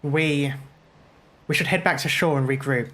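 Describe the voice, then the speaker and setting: A man reading a video game's dialogue and narration aloud, earnest and steady with small slips. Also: fairly high pitch, moderate pace. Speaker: gaming YouTuber.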